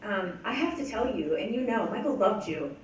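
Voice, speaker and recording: A woman's voice: medium pitch, very animated, moderate pace, slight background noise. Earnest woman speaking in an echoey hall. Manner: earnest, tender. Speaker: family member of an honoree. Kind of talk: heartfelt ceremony speech. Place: large echoey banquet room. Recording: echoey hall, distant mic.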